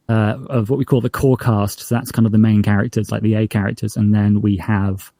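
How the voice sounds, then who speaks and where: A man's voice: mid-range voice, creaky, warm tone. A man from northern England chats through a remote interview, rambling and stopping to restart his thoughts. His voice sits mid-range, and the sound is dry and close with no room echo. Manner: rambling, hesitant, many fillers and restarts. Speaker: podcast showrunner, guest. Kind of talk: casual interview chat.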